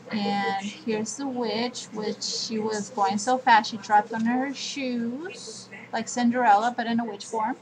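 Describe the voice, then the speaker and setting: A woman's voice: on the high side, rough recording. A woman walking viewers through her scrapbook pages in a homely show-and-tell video. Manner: slow, homely walkthrough of pages. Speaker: crafting vlogger.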